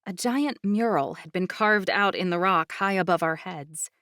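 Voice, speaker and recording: A woman reads a fantasy audiobook in the first person, with a slightly low voice. Her storytelling is even and clear. The sound is close and completely dry. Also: moderate pace, no echo. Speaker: audiobook narrator. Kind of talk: scripted first-person narration.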